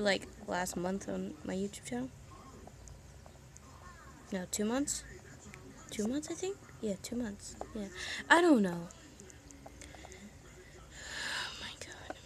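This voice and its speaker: A woman's voice: mid-range voice, background noise. A woman rambling in a moody, self-deprecating way in a casual vlog from her bedroom, half whispering at times, recorded on a phone. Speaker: vlogger. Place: bedroom at home.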